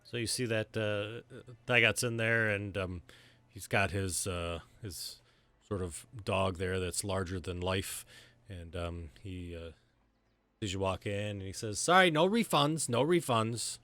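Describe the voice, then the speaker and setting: Dude running a tabletop game, kinda low voice but bright and edgy, lots of ums, dry close mic. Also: male voice, little pitch movement, unhurried, no echo. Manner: rambling, full of fillers. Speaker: game master.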